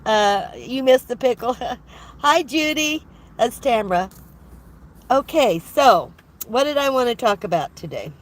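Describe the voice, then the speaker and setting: An older woman chatting casually on a livestream from her van, congested with a head cold, rambling and laughing often as she greets viewers. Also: fairly high pitch. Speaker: van life vlogger hosting a livestream.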